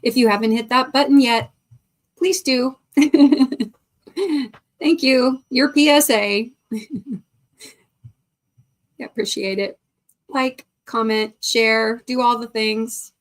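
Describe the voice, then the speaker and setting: A middle-aged woman talks through a live stream at an easy, unhurried pace, her voice sitting a little high. She greets viewers one by one and laughs often between comments, close to a desk mic. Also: fairly even intonation. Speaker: livestream host. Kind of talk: casual chat reading live comments.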